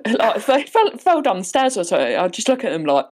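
A woman's voice: medium pitch, very animated, fast, darkish tone. A woman co-hosting a podcast, joking bluntly and swearing freely in casual chat. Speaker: podcast co-host.

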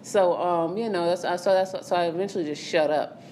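A woman's voice: on the low side, fairly even intonation, fairly quick, mellow, a little hiss or hum. Laughing, cursing young woman telling a story. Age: young adult. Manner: laughing, profane, rambling. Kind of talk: casual storytelling chat.

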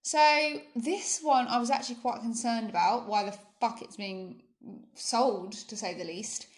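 A woman's voice: fairly high pitch, unhurried. A woman co-hosting a podcast in casual chat, blunt and teasing. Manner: blunt, teasing, laughs often. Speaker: podcast co-host.

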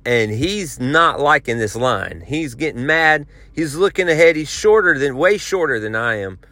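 A podcast host with a drawl tells an animated story at a normal pace, rambling and stumbling over restarts. His voice sits slightly high for a man and sounds bright and a bit tense. The recording is close and dry, with no room sound.

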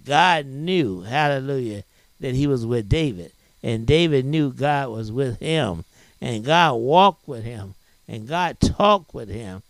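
A man's voice: mid-range voice, lively intonation, slow pace, no room sound. A man preaching a sermon as pastor, peppering his telling with amens and hallelujahs and rising into dramatic cries.

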